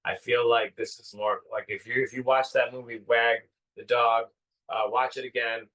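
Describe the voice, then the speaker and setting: He's a co-host in his fifties on a relaxed spiritual podcast, rambling with gusto and leaning on fillers. The mid-range voice barely moves in pitch, keeps a moderate pace, has a sharp edge, and sounds distant from the mic.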